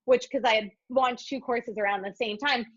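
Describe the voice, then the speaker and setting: A woman guest on a coaching interview, telling her story with lively, swearing candor and acting out her panicked thoughts. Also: a little high, moderate pace, muffled recording. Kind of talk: candid podcast interview.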